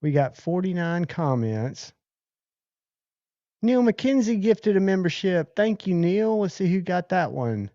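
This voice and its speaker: Male streamer host, slow unhurried delivery, dark mellow tone, casual viewer chat. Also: sits high, very animated, no echo, dull audio. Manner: chatty, thanks viewers by name. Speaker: livestream host.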